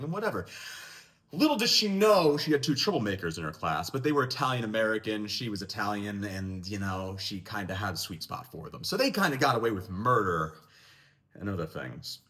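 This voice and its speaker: A young man telling a school story in a casual vlog, animated and jokey. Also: lowish voice, fairly quick. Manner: animated, jokey, lively delivery.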